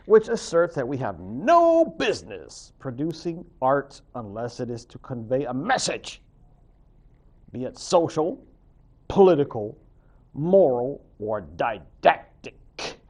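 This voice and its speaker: A man's voice: mid-range voice, wildly swooping pitch, measured pace. A man speaking as a college professor in a recorded lecture, chatty and full of joking asides.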